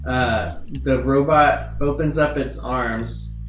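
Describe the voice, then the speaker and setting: A man's voice: medium pitch, fairly even intonation, slow pace, a bit bright, roomy sound, faint music behind. A man hosting a podcast and narrating a tabletop game in an upbeat, loose, filler-heavy way.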